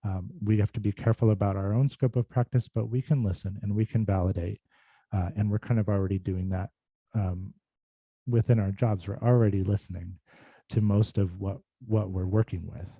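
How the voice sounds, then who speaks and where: A man's voice: lowish voice, steady tone, normal speed, vocal fry, slightly rough, no room sound, narrow, tinny audio. A man who works as a speech and voice clinician, giving a casual, thoughtful talk full of fillers and restarts over a video call. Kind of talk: casual informal presentation.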